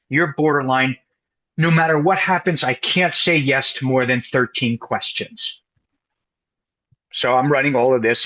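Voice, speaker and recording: An interview guest who works as a couples counselor in the United States narrates a story with energy, acting out what people said. He has a medium-pitched voice, and the recording sounds muffled.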